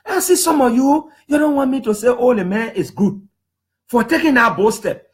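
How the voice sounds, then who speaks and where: Liberian English man, 30s, high voice, emphatic public storyteller who acts out quotes. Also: moderate pace. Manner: lively, emphatic, slips into quoting others in put-on voices. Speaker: human rights defender speaking to the public. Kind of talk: animated storytelling talk.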